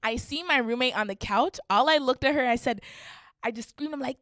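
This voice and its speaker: A young woman from Canada telling a story on her podcast in casual slang, getting animated and shrieking at the funny parts. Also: high-pitched, moderate pace, no echo, studio quality. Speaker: podcast host.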